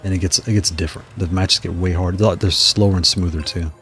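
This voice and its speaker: A man's voice: low-pitched, fairly even intonation, a bit bright, faint music behind. A man casually commenting on his fighting game matches, trash-talking opponents and then apologizing. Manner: playful trash talk, quick apologies. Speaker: gaming streamer.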